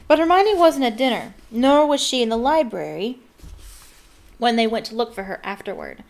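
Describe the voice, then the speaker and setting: A woman fan reading a storybook aloud with expressive, chatty asides. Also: medium pitch, normal speed. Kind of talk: casual read-aloud with commentary.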